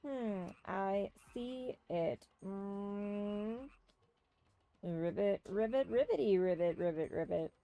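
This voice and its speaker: A woman voicing a mystic frog sorceress who slips into ribbits, speaking slowly and in a hushed voice. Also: mid-range voice, phone-quality sound. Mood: mystical. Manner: croaks ribbits, slow and hushed.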